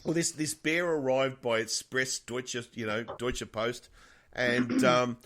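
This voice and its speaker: A man's voice: mid-range voice, takes it slowly, a bit bright, slight background noise. A middle-aged man co-hosting a podcast, telling a rambling story in casual chat. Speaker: podcast co-host.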